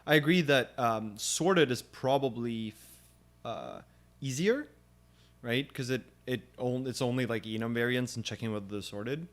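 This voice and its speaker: A young man leads a live programming session and talks through his reasoning as he goes. His speech is loose and unscripted, full of pauses, fillers and quick restarts. His pitch sits in the middle range for a man. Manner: thinking aloud with many fillers. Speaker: programming stream host. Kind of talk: live coding walkthrough.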